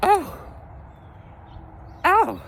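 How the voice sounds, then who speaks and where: A nosy, chatty woman on a date, as a man puts her on in a voice pitched far above his own. She stretches out her questions in a high, drawn-out whine, a bit distant from the mic. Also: big pitch swings, vocal fry, a bit bright, a little hiss or hum, heavily acted.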